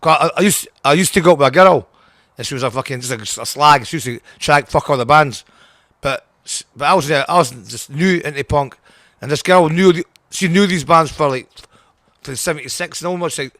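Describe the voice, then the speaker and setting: A man's voice: fairly high pitch, fairly quick, fairly bright tone, no room sound, clean studio sound. Blunt Scottish man in his sixties. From Scotland. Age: 60s. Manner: blunt, swears a lot, restarts sentences. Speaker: guest punk singer. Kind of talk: casual interview.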